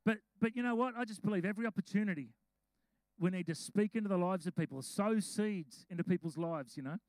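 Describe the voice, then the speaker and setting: A man, a pastor preaching a sermon, mixing slow scripture reading with chatty storytelling. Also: high-pitched, darkish tone, dry recording, low-quality recording. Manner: reads scripture slowly.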